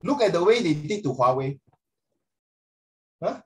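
A middle-aged man with a Singaporean English accent, teaching a social studies class in an animated, joking, sarcastic way, with Mandarin phrases mixed in. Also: fairly high pitch, unhurried, poor audio.

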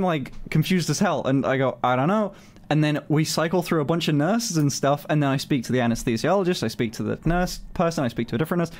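A man telling a story on his stream in a casual, animated way, swearing often and filling his talk with "like". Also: on the high side. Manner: animated, swears a lot, many fillers.

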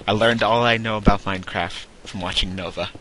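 A man's voice: on the low side, fairly even intonation, fairly quick, crowd noise, poor audio. A young man hosting a casual gaming session with friends, laughing often, joking and swearing freely. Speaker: let's play host.

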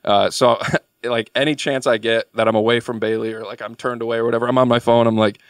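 A man's voice: medium pitch, flat delivery, quick pace, dry recording. Young male guest with a mid-range voice, a loose rambling storyteller who leans on filler words, recorded close and dry. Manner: rambling, filler-heavy delivery. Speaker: podcast guest. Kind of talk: casual storytelling.

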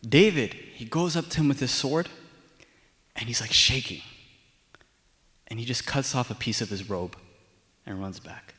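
A man's voice: medium pitch, a little slow, long pauses, fairly bright tone. A young male deacon preaching a sermon in a casual, storytelling way with lots of fillers, recorded in a church sanctuary with long reverb.

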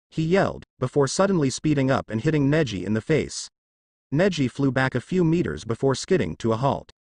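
A man narrating a fan fiction story in a lively storybook manner. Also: mid-range voice, moderate pace, no echo.

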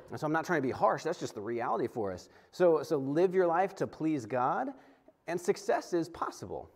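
A man, a pastor, preaching a sermon in a conversational way, often stumbling and restarting and acting out quotes. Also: on the high side. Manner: conversational, animated, frequent restarts and acted-out quotes.

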